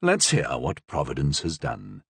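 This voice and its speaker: A man voicing a shrewd, guarded older male cardinal in a storybook reading, speaking slowly and probingly. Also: rumbling low, huge pitch swings, creaky, husky, dry recording, pitched below the performer's own voice, full character voice. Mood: measured.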